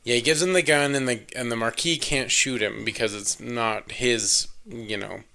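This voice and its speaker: Man, podcast co-host, bright tense tone, smooth clear voice, excited casual plot recap, swears a lot. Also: medium pitch. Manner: excited, swearing, acts out lines in quick voices. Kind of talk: casual movie recap chat.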